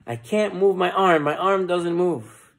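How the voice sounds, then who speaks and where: A man doing a high-voiced woman in a congregation. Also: a little slow, creaky. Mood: pleading. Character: woman with a stiff arm at a healing session.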